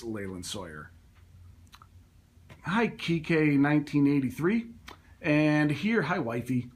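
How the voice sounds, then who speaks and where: A man's voice: a little high, a bit bright. A man hosting a casual live stream from his photography studio, upbeat and greeting viewers by name with frequent laughs. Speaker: livestream host.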